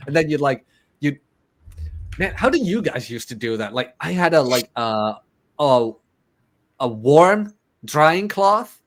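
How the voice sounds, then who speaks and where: A man's voice: on the high side, very animated, a little slow. A man co-hosting a casual podcast chat, joking and acting out quoted people. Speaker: podcast co-host.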